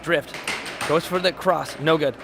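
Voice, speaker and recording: Male live-stream commentator, high, hoarse, chatty, noisy venue. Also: measured pace. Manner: excitable, chatty, reads chat aloud. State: voice going hoarse. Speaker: air hockey commentator and streamer. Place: tournament hall.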